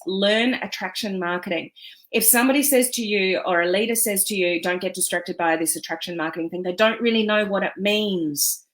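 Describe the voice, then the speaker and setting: A woman coaching on online business, speaking earnestly and with emphasis, with many fillers and restarts. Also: lowish voice. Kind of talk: motivational teaching talk.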